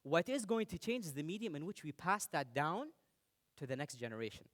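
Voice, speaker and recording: A young man from the United Arab Emirates gives a talk on stage before an audience. His voice sits high and swings widely in pitch as he jokes and calls out to listeners. The delivery is animated and playful throughout. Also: fairly quick. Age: young adult. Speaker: speaker.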